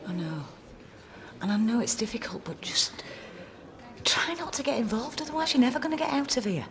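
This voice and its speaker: A woman's voice: on the high side, animated, fairly quick. An actress playing a woman who pleads earnestly with her husband in prison. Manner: earnest, pleading, often hushed.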